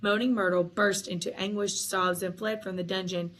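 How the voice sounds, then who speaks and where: A woman narrating a children's fantasy story in a steady audiobook reading. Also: mid-range voice, normal speed, rough recording.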